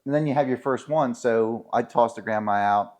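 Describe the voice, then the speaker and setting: In a relaxed storytelling chat, this referee and podcast co-host pokes fun at himself while recounting his refereeing stories, using many fillers. He speaks at a medium pitch and moderate pace with a darkish tone.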